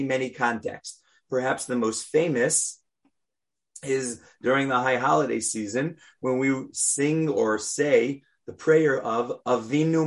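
A man teaching a weekly class on prayer, speaking deliberately and stressing key words as he explains them. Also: medium pitch. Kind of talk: religious class lecture.

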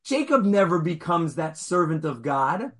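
Animated, husky, high-voiced man lecturing. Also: measured pace. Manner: animated, acts out the figures with sudden jumps in pitch and loudness; conversational, jokes with the audience. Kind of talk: Torah lecture.

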